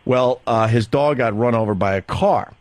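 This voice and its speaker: Through the grim stretches of his long personal story, a male radio host laughs nervously, his casual telling halting and rambling. His voice is medium in pitch and a little mellow.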